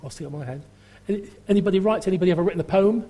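A man's voice: high voice, very fast, dark tone. A male preacher giving a sermon at a church service, talking conversationally and putting questions to the congregation.

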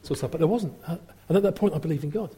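A man's voice: a little high, racing, dark tone, breathy edge. A middle-aged man giving a rambling personal testimony full of fillers, acting out the voices he quotes. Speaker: testimony speaker.

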